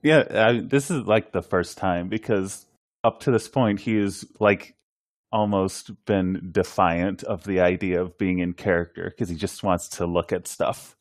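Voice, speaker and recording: A man co-hosting a podcast in casual chat, turning animated when he quotes characters. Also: low-pitched, measured pace, no room sound, clean studio sound. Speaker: podcast co-host.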